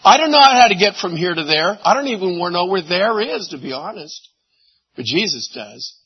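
A man preaching a sermon, animated, swinging from loud exclamations to hushed asides. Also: high voice, moderate pace, slightly rough, muffled recording. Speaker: pastor.

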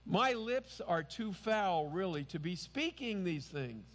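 A man's voice: sits high, sing-song, takes it slowly, fairly bright tone, big-room sound. A man preaching a sermon as pastor, earnest and emphatic.

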